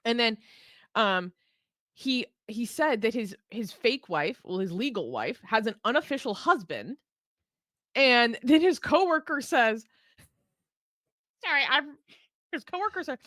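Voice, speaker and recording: Woman host, casual commentary, chatty, laughing, fairly high voice, dry close sound. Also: expressive, a little slow, pauses often, fairly bright tone, no room sound. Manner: chatty, laughing, with many restarts.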